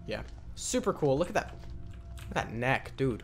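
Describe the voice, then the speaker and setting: A man hosting a gaming channel, giving jokey let's-play commentary as he talks to the game and bursts into loud yells. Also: medium pitch, sing-song, normal speed, breathy edge. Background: game music.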